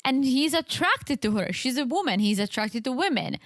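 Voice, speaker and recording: A woman's voice: high voice, very animated, normal speed, dry recording, studio quality. A woman co-hosting a podcast, giving thoughtful, frank opinions on a reality show. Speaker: podcast co-host. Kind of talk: casual reality-TV recap chat.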